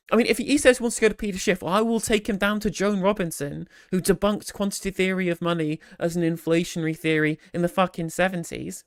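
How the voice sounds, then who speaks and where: A stream host commenting live in a loose, rambling way, doubling back mid-sentence and slipping in sarcastic jabs. The voice sits at a middle pitch. It is recorded close on a mic with a dry, roomless sound. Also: quick pace, clear, resonant tone, no echo. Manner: rambling, animated, full of restarts and sarcasm.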